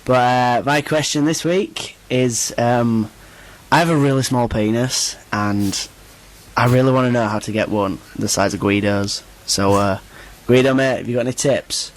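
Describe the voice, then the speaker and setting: A man's voice: medium pitch, moderate pace, low-quality recording. A man with an English accent leaving a recorded voicemail question for a podcast, hesitant and cheeky. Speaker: listener sending a voicemail.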